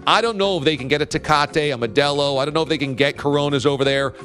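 A man's voice: fairly high pitch, quick pace, fairly bright tone, faint music behind. A man hosting a casual sports talk show, telling stories emphatically and acting out mock quotes. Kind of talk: casual sports radio banter.

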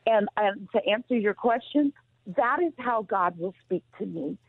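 A woman calling in as a guest to a radio show, close to tears, speaking in halting, emotional bursts. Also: mid-range voice, expressive, dry recording. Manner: emotional, halting, repeats herself. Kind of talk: interview answers by phone. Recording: tinny phone line.

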